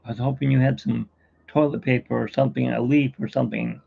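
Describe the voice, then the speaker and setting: A man's voice: mid-range voice, fairly even intonation, fast, creaky, slightly rough, lo-fi sound. A man voicing a sheepish, dim-witted male field worker in a joke, pleading as he talks.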